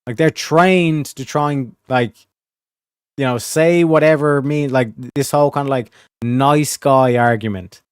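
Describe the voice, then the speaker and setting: A man's voice: mid-range voice, a little slow, smooth, no echo, clean studio sound. A man from California with a rural, Southern-tinged accent, rambling and swearing as he chats with his stream audience. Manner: profane, rambling, talks to chat. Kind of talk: casual livestream commentary.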